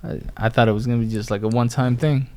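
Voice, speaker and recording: A young man gives a casual testimony of his life story, chatty and packed with "like" and "I was like" quotes. His medium-pitched voice is darkish and fairly even in intonation, delivered rapid-fire.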